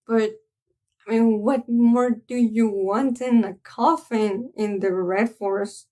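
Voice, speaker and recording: A woman giving a casual spoken film review, earnest and halting as she searches for her words. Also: fairly high pitch, fairly even intonation, a little mellow. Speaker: anime reviewer.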